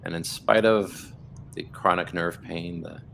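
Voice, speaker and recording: A man's voice: low voice, fairly even intonation, unhurried, vocal fry, fairly bright tone, a little hiss or hum. A man, a blood cancer survivor, earnestly telling his story as a guest on a video call livestream, full of restarts and quoted dialogue. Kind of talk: livestream conversation, personal storytelling.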